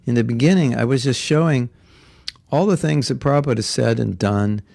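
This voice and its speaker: A man's voice: medium pitch, brisk, vocal fry, a little mellow, no echo, studio quality. A man giving a devotional class in an earnest, conversational way, sounding a little congested and often slipping into quoted voices. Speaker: spiritual teacher. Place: Alachua, Florida.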